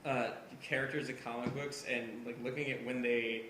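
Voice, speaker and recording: Young man, very bright tone, short remarks, laughs along, echoey room, faint background noise. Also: mid-range voice, little pitch movement, moderate pace. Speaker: podcast co-host. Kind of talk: casual chat about comics.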